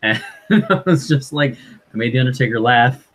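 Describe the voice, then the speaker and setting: A man's voice: mid-range voice, normal speed, a bit bright, slight background noise. A man joining a live stream as a guest, laid-back and laughing along in casual chat.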